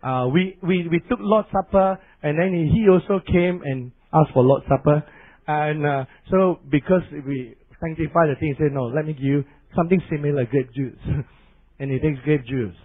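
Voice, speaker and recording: A middle-aged man preaching with lively, animated delivery, his voice sitting fairly high. The recording is thin and phone-like, with a narrow, lo-fi sound. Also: normal speed. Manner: animated preaching with barking imitations. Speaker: pastor. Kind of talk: sermon.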